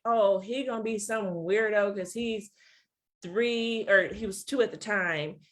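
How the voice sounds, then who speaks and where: A woman co-hosting a casual podcast chat, telling stories and acting out what people said to her. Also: medium pitch. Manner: animated storytelling, acts out quotes. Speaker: podcast co-host.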